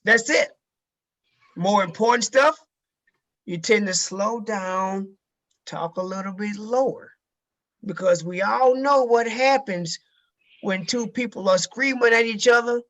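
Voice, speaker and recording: A man's voice: sits high, pushed and bright. A man giving a casual sales training talk to a group, emphatic and repeating key phrases, with casual swearing.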